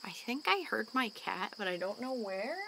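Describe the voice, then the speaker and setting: A young woman in a candid home vlog, talking earnestly and openly, sighing often as she calms down after a panic attack. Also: on the high side, normal speed, creaky, background noise. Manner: earnest and open, with frequent sighs and fillers. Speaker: vlogger. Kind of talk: candid personal talk to camera. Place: at home in the evening.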